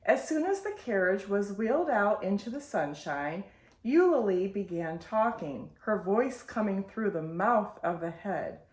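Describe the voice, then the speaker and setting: Woman reading a storybook aloud, slow and lively pitch, roomy echo. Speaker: storytime host. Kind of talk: reading a picture book aloud.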